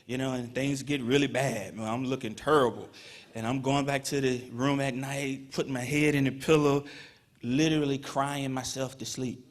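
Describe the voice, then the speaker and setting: A man from Petersburg, Virginia, giving a conversational Hall of Fame induction speech full of "you know". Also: mid-range voice. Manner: conversational storytelling with many "you know" fillers. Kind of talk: induction ceremony speech, storytelling. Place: ceremony hall, speaking to an audience.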